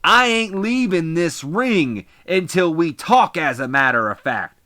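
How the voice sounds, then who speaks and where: A man voicing a brash, cocky male wrestler cutting a loud, taunting ring promo. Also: fairly high pitch, expressive, a little slow, dry recording, clean studio sound, voice pushed up. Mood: defiant.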